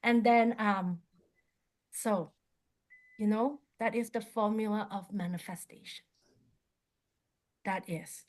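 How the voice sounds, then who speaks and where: Recounting something from her own life, a woman who teaches qigong is animated, then turns soft and calm as she describes settling down. Her pitch is medium, and she takes it slowly with frequent pauses.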